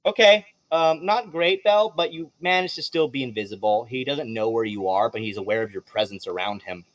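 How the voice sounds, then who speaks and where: A man's voice: mid-range voice, expressive, a little fast, no room sound. A man narrating as game master of a tabletop game, playful, laughing often and swearing casually.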